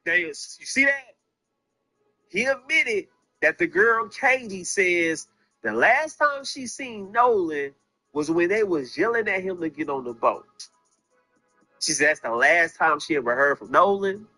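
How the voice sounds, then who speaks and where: A man's voice: high voice, lively intonation, a little slow, bright, forceful tone, faint music behind. A man commentating on a case, speaking emphatically, with rhetorical questions to his viewers. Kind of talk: true-crime commentary.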